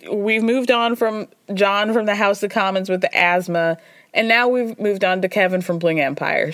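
A woman's voice: medium pitch, no echo, studio quality. A woman hosting a podcast, recapping reality TV in a chatty, gossipy, wry way, with frequent laughter. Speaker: podcast host. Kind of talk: casual reality-TV recap chat.

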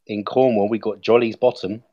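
A man's voice: fairly low pitch, fairly even intonation, fairly quick, dry recording, lo-fi sound. A man in his twenties co-hosting a casual podcast, laughing as he reads out a list. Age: 20s. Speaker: podcast co-host. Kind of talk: casual chat.

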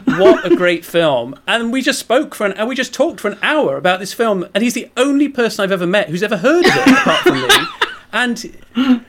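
Quick, rambling British man. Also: very high voice, huge pitch swings, a bit bright. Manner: rambling, self-deprecating, with restarts. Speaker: sports journalist and guest. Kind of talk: casual chat, storytelling.

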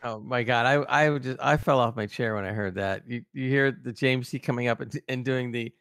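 A man's voice: medium pitch, fairly even intonation, fairly quick, a bit bright, clean tone, no echo, clean studio sound. A man co-hosting a podcast, chatting enthusiastically in a casual TV review and laughing often. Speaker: podcast co-host.

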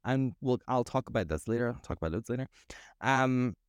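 Male co-host, animated and foul-mouthed, very expressive pitch, dry studio mic. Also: a little fast, smooth, no room sound. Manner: animated, swears freely, laughs often. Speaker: podcast co-host. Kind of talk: casual chat.

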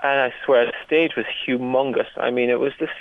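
A man, a stand-up comedian, tells rambling, animated stories from the road. His voice has a gravelly, creaky edge. It comes through a thin, phone-like line. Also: medium pitch, fairly quick, no echo. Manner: animated anecdotes, frequent laughs and restarts. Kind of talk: casual storytelling interview.

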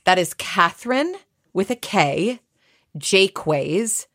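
An American woman co-hosting a podcast in casual chat, animated and chatty, reading listener messages aloud. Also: mid-range voice, slow pace, no echo, studio quality. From United States. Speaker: podcast co-host.

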